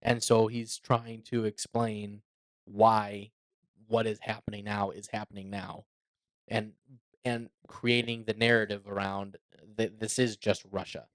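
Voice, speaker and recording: Animated man chatting on a podcast. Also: on the low side, unhurried, no echo. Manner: animated, opinionated, laughs often. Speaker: podcast co-host. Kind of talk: casual chat.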